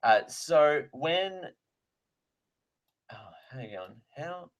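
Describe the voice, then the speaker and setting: A man's voice: fairly high pitch, expressive, extremely slow, highs cut off. A man hosting a live radio show from a studio mic, rambling and correcting himself with sarcastic asides. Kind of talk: live radio talk, reading mail aloud. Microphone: close studio microphone.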